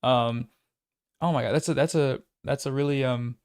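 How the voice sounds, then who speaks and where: Halting male stream host, dry sound. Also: medium pitch, fairly even intonation, darkish tone, clean tone, no echo. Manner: halting, searching for words. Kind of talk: casual chat.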